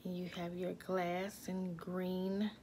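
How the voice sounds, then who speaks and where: A woman presents jewelry in a slow, unhurried vlog, dwelling on each piece and sometimes sinking into a near whisper. Her voice sits a little low. A faint hum runs underneath. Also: monotone, warm tone. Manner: slow, repetitive, drops to whispers at times. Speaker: jewelry seller. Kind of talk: product showcase vlog.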